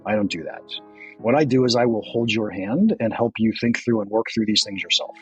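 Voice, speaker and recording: A man hosting a podcast in a casual interview chat, self-deprecating and quick to laugh, often repeating words when he gets excited. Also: lowish voice, husky, lo-fi sound, faint music behind. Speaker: podcast host.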